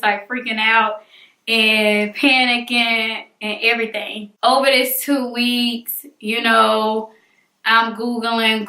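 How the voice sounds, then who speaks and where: Young woman vlogger, bright and slightly high, dramatic storyteller; echoey room. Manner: animated, dramatic retelling with acted-out voices. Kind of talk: storytelling vlog.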